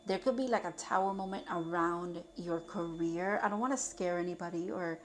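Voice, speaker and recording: Chatty young woman doing a tarot reading, kinda low voice, lots of ums and likes. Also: moderate pace, slight background noise. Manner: chatty, rambling, with frequent fillers and self-corrections. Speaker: tarot reader. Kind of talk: casual tarot reading to camera.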